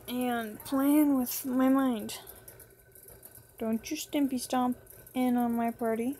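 High-voiced, slow-talking woman gamer. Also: fairly even intonation, mellow. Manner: playful, talks to the game character. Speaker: gaming channel host. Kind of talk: horror game commentary.

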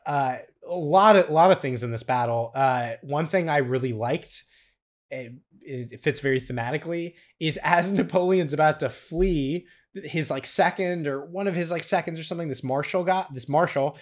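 Podcast co-host, male, slightly higher voice, eager casual plot recap. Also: normal speed. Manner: enthusiastic retelling, loose with fillers.

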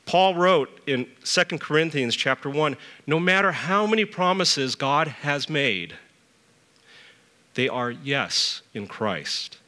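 Bright-voiced man preaching a sermon. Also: slow, in a large hall. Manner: storytelling, lively rises in pitch for emphasis. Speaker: church elder preaching.

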